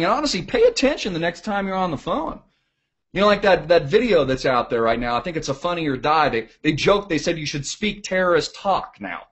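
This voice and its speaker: A man's voice: on the high side, lively intonation, fairly quick, fairly bright tone, husky. Sarcastic ranting man. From United States. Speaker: political commentator. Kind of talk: ranting political commentary vlog. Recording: dull lo-fi audio.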